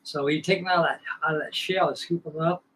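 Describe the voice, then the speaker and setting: A man's voice: a little high, fairly even intonation, quick pace, a bit bright, rough recording. A man hosting a scale-model building livestream, telling rambling, folksy stories in casual chat from his home workshop bench.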